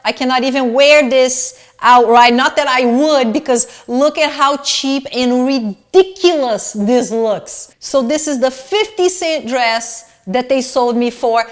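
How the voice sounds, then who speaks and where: A middle-aged woman ranting in a casual vlog, animated and indignant, swearing freely as she talks to viewers at home. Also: high-pitched, a little slow, few pauses. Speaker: fashion vlogger.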